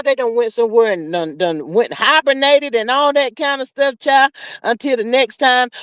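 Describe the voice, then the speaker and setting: A woman's voice: sits high, no echo. A woman hosting a live stream, chatting casually and reading out comments in a sassy, folksy way, calling listeners child and honey. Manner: drawn-out fillers, laughs often.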